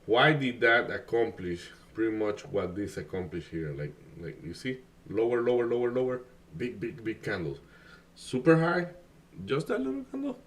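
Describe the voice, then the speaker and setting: A man's voice: medium pitch, very animated, moderate pace. A man whose first language is Spanish, chatting casually on a live stream, rambling with many fillers and restarts. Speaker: day trading streamer.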